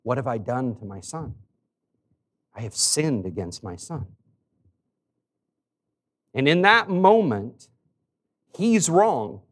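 A middle-aged pastor delivers his sermon in a mid-pitched male voice. He tells a family story, dropping to quiet, confessional tones and then lifting his voice for emphasis. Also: big pitch swings, takes it slowly, long pauses. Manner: storytelling preacher, shifting from soft confession to raised emphasis.

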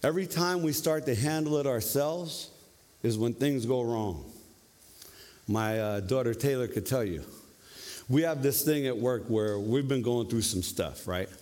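A male preacher giving a lively, conversational sermon, often tagging his points with questions. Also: mid-range voice. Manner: conversational, animated, tag questions. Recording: long reverb of a hall.

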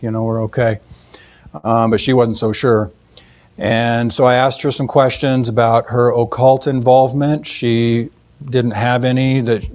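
A man telling a faith testimony in an earnest, halting way, with many fillers and restarts. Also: medium pitch, darkish tone. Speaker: Christian speaker telling a testimony. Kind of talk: storytelling testimony.

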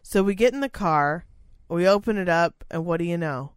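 A woman's voice: fairly low pitch, normal speed, clean tone, dry recording, clean studio sound. Foul-mouthed, exasperated young woman telling a story. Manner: swears heavily, animated and exasperated, acts out quotes. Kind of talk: casual storytelling chat.

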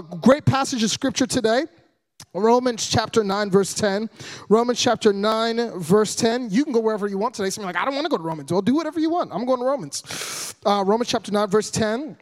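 A man in his thirties giving a humorous sermon as a guest preacher, loud and animated, joking with the congregation. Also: high-pitched.

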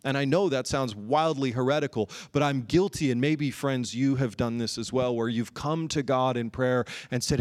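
A man preaching a sermon in an earnest way, slowing down and drawing out key phrases for emphasis. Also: medium pitch. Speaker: pastor.

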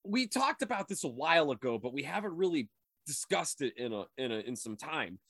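A man's voice: a little high, very animated, fairly quick, a bit bright, husky, no echo. Rambling man on a dry video call. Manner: rambling, crude and stumbling over names. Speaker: podcast co-host. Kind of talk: casual chat.

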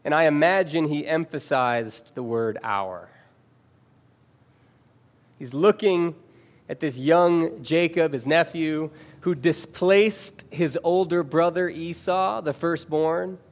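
Slow-speaking male preacher. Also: fairly high pitch. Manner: addresses listeners as friends; reads scripture aloud with dramatic pauses. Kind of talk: sermon.

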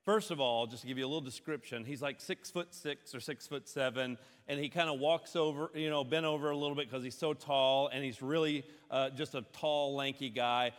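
A man preaching a sermon as the pastor, telling a story and slipping into low, weary impressions between bright, emphatic stretches. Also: fairly even intonation, a little fast, few pauses, in a large hall.

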